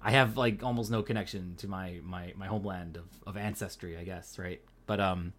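A man's voice: sits low, steady tone, a little fast. A man with a Pacific Northwest American accent, co-hosting a podcast in easygoing casual chat, swearing now and then and using lots of fillers. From Pacific Northwest, USA. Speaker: podcast co-host.

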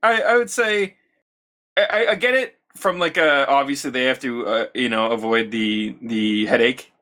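A man co-hosting a casual podcast who talks haltingly, repeats words and swears casually. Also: medium pitch, sharp tone. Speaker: podcast co-host. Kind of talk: casual gaming podcast chat.

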